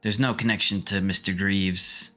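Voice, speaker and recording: A man's voice: low voice, steady tone, moderate pace, bright, forceful tone, faint music behind. A man voicing a casual, easygoing male adventurer in a tabletop game. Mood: reasoning.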